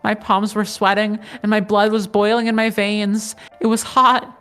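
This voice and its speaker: A woman's voice: mid-range voice, level tone, moderate pace, a bit bright, smooth, faint music behind. A woman co-hosting a podcast, reading a visual novel's first-person narration in an earnest storytelling manner. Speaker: podcast co-host.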